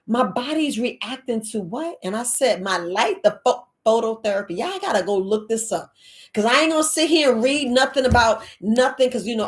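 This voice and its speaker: A woman, hosting a live Q&A and telling a personal story in a casual, dramatic way. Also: fairly high pitch. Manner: animated, dramatic, exclaiming quoted reactions. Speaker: live Q&A host.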